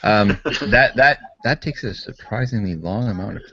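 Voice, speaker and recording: A man's voice: fairly low pitch, animated, moderate pace, highs cut off, crowd noise. A Canadian man co-hosting a casual chat, explaining everyday things in a methodical way that trails off. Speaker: podcast co-host.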